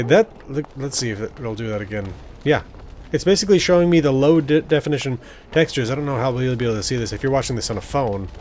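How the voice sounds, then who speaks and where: Brief: laid-back man narrating a game, mid pitch, faint hiss behind. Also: a little mellow. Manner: musing aloud, chuckling, rambling. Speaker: gaming video host. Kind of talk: casual game commentary.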